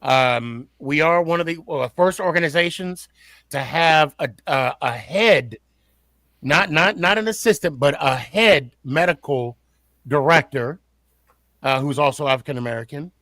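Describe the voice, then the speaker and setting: A man's voice: a little high, measured pace, bright, forceful tone, dry recording. A man hosting a casual sports podcast, often repeating and restarting words as he builds his point.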